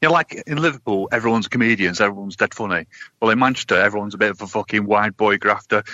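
Ranting Mancunian man, bright lively voice. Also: lowish voice, very fast, no echo, highs cut off. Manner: heated, profane, exaggerated complaining. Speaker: guest, bus driver. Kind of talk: sweary comic rant.

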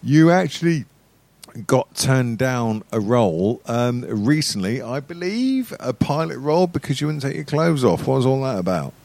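A man's voice: mid-range voice, big pitch swings, normal speed, vocal fry, darkish tone, no echo. A man in crude comic banter, mock-earnest and swearing freely.

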